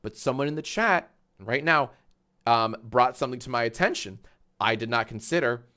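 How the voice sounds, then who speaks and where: A man's voice: mid-range voice, lively intonation, normal speed, pushed and bright. A man hosting a casual livestream, reacting to videos with sarcastic, profane rants. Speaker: livestream host.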